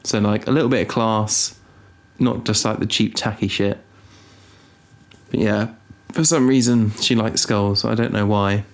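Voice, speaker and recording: A young man co-hosting a casual podcast, rambling and teasing with deadpan asides. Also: lowish voice, measured pace. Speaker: podcast co-host. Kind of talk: casual chat.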